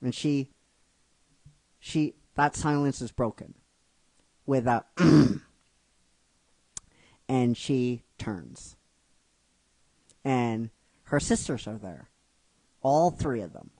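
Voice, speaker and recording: A man retelling a fan-written story in an emotional storytelling recap, halting and restarting his phrases. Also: medium pitch, animated, dark tone, no echo, low-quality recording. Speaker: narrator retelling a fan script.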